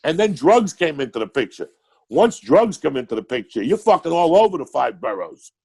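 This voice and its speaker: Gravelly, profane New York storyteller man. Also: a little high, sing-song, brisk, a little mellow. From Cuba, raised in New York City. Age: older. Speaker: guest comedian. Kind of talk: casual podcast chat.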